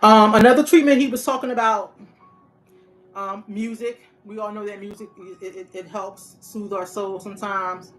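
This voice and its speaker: A woman speaking as a therapist and hotline counselor in a casual, reflective monologue. She talks earnestly and circles back on her key phrases to drive them home. Her pitch sits in the middle range for a woman. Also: steady tone, normal speed, soft background music.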